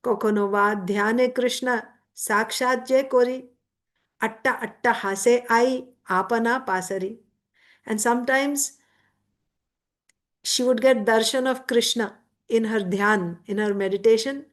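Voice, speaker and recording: A woman's voice: on the high side, steady tone, a little slow. A woman giving a devotional scripture class, reciting verses and then explaining them word by word.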